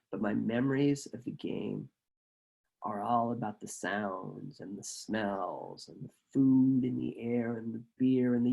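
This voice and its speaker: A man telling a personal story at a live show, animated and acting out the people he quotes. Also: medium pitch, creaky.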